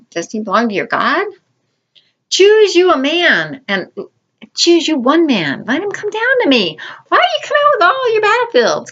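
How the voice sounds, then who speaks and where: A woman voicing a boastful male giant warrior who yells mocking challenges, heard on a dull lo-fi recording. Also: a little high.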